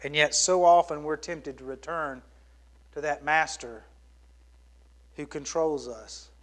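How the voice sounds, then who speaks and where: Preaching a sermon, a middle-aged pastor shifts from loud exclamations to near-whispers. He talks slowly, with a voice on the high side.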